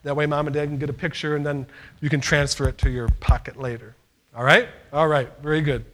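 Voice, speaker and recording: A man's voice: fairly high pitch, little pitch movement, fairly quick, fairly bright tone. A man leading a church youth award ceremony as youth leader, speaking in an upbeat, encouraging, folksy way.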